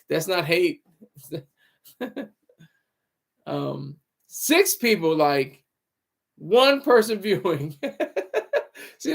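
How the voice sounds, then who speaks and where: A man's voice: sits high, creaky. A man livestreaming casual commentary in a rambling, sarcastic way. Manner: rambling and sarcastic, with frequent restarts.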